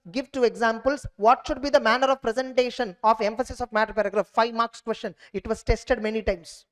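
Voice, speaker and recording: A man giving an exam revision lecture on auditing, repeating points and checking "clear?" with students. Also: very high voice, a bit bright. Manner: repetitive, quizzing students with "clear?".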